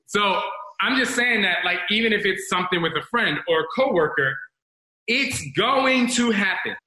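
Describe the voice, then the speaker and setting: Forties male host, bright slightly high voice, candid motivational rambler, echoey room. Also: lively intonation, moderate pace. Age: 40s. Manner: rambling, confessional, addresses listeners as y'all. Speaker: self-improvement talk host. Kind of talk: candid motivational talk to an audience. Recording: roomy echo.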